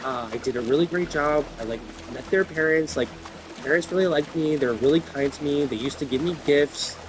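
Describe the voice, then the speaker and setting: A man's voice: on the high side, brisk, music in the background, low-quality recording. Rambling, profane man telling stories. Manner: rambling, filler-heavy, profane. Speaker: vlogger. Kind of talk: rambling personal monologue.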